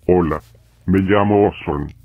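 A man voicing a talking vowel who teaches a lesson in scripted educational narration, with a steady explaining tone, heard as lo-fi audio played from a video. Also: sits low, normal speed, dry recording. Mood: patient. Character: talking vowel named Ozone, a calm teacher.

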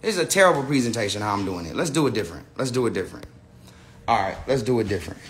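Streaming from his phone in an indoor room with a big screen, an American man says he's high and rants in a rambling way, full of slang, swearing and restarts. He talks at a racing clip in a lowish, fairly bright, very animated voice.

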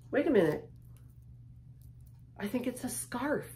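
A woman hosting a casual unboxing video, gushing and lingering over each item, sometimes dropping to a hush. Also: medium pitch, expressive, slow pace, long pauses, a little hiss or hum. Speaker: unboxing vlogger.

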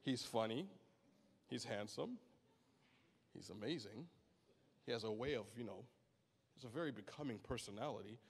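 Low soft fatherly god voice, preacher putting it on, echoey hall. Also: expressive, normal speed, gravelly, pauses often, slightly rough. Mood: tender. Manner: low, hushed and conversational. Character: God, a gentle fatherly male deity.

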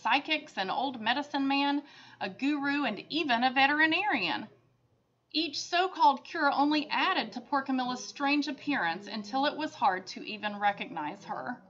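A woman teacher reading a picture book aloud to children, expressive, with chatty asides. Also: high-pitched. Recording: dull lo-fi sound.

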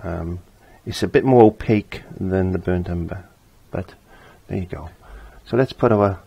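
A man's voice: sits low, unhurried, creaky, breathy edge, lo-fi sound. An older man giving a casual painting lesson, chatty and repeating his phrases as he works. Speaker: painting teacher.

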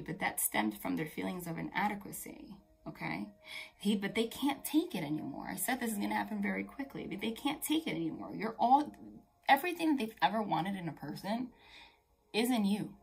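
A woman's voice: mid-range voice, expressive, normal speed, gravelly, husky, faint music behind. A woman doing a tarot reading straight to camera, chatty and emphatic, swearing casually and talking directly to the viewer. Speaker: tarot reader.

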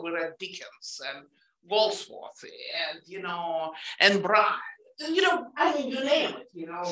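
Bright-voiced woman with a Russian accent. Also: mid-range voice, poor audio. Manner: emphatic, halting, with many fillers. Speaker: interviewer, moderator. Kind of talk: conversational interview.

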